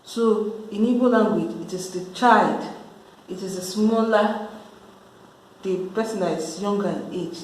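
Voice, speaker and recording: A woman's voice: medium pitch, unhurried, a little mellow, slight background noise. A woman from Nigeria, explaining a language lesson patiently in a casual way and repeating the key words. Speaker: language teacher. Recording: very echoey room.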